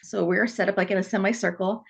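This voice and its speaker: Animated woman telling a story. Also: mid-range voice, fast talker, gravelly, husky. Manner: animated, acts out the dialogue in her stories. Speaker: psychic medium guest. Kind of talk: podcast interview storytelling.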